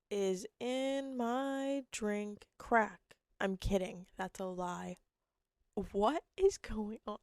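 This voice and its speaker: A young woman hosting her own podcast, hoarse and rambling, jumping between thoughts and cutting herself off. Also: medium pitch, dry recording, clean studio sound. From Canada. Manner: rambling, jumpy, self-interrupting. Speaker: podcast host. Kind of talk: casual solo chat.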